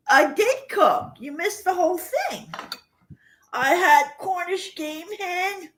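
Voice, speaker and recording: A woman's voice: extremely high pitch, slow, a bit bright, a little hiss or hum. An older woman hosting a livestream, chatting casually with viewers and rambling through personal stories. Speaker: livestream host.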